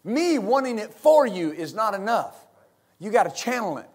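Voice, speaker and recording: A middle-aged pastor from West Texas, preaching a fervent sermon full of amens and hallelujahs. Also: male voice, sits high, sing-song, moderate pace.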